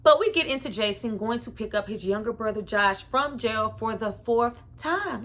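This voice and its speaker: A woman hosting a casual film review vlog, talking in an animated, slangy way and laughing between remarks. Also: fairly high pitch, normal speed, hardly any pauses.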